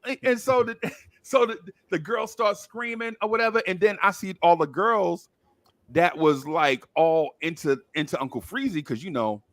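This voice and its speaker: Lively, bright-voiced New man. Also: sits high, normal speed. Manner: animated storyteller, acts out voices. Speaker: podcast co-host. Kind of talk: casual storytelling chat.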